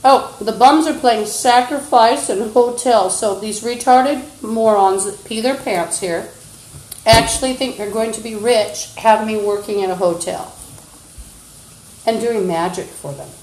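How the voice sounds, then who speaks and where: A woman's voice: a little high, measured pace, darkish tone, roomy sound, slight background noise, poor audio. A woman livestreaming, ranting in an agitated, insulting, accusatory way into a phone. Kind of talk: rambling livestream rant.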